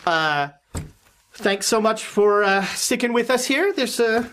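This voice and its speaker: Slow-talking keeper narrating a creepy dream, lots of uhs and restarts. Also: medium pitch, lively intonation, a bit bright. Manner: halting, with many restarts and fillers. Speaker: game master. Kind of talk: narrating a horror tabletop game.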